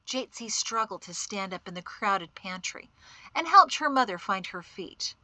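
A woman's voice: medium pitch, expressive, normal speed, bright, forceful tone, no echo. A woman narrating an audiobook expressively, voicing each character. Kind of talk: scripted narration.

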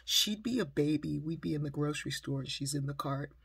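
Woman, storyteller, very husky, gravelly, dry close sound, lively. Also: low-pitched, a little fast, dry recording. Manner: lively, conversational, acts out quotes. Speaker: speaker, storyteller. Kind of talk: personal storytelling.

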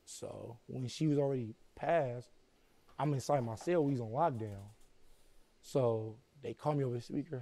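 Gravelly-voiced man telling a hard story. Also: mid-range voice, mellow, dry recording. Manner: slow and subdued, repeats "you know what I'm saying". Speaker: interview guest. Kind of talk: personal storytelling in an interview.

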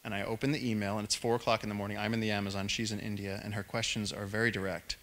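A man in his thirties, a naturalist giving a public talk, telling stories in an animated way and acting out quoted voices. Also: fairly low pitch, racing. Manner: animated storyteller, acts out quotes in raised voices. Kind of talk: storytelling lecture.

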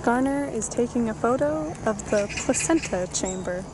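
A woman's voice: fairly high pitch, expressive, moderate pace, background noise. A woman making dry, joking offhand remarks to a travel companion.

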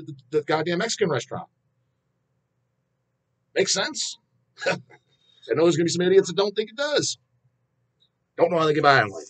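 A man hosting a metal channel, ranting bluntly and with heavy swearing in casual talk to viewers, with frequent restarts and drawn-out fillers. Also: a little high. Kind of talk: casual rant answering viewer questions.

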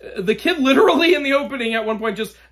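A man's voice: extremely high pitch, expressive, quick pace. Exasperated young man ranting. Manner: exasperated, swearing, swings between loud outbursts and weary sighs. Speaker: movie reviewer. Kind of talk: ranting film review.

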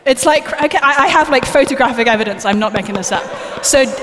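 On stage in a large conference hall, a woman with a high, slightly bright voice delivers a live talk at a quick pace, keeping it chatty and joking with the crowd. The stage microphone recording carries live hall reverb and faint noise.

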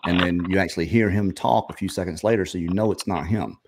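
A man hosting an interview, chatting casually and telling long stories in a relaxed way. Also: deep voice, quick pace. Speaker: show host.

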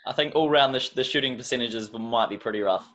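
A New Zealand man, a basketball coach, talking in a quick, matter-of-fact way. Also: medium pitch, lo-fi sound, background noise. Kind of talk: casual chat.

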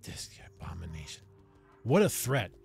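A man's voice: deep voice, big pitch swings, moderate pace, creaky, a little mellow, soft background music. A man hosting a movie review channel, talking casually and enthusiastically straight to his viewers and often checking in with "right?".

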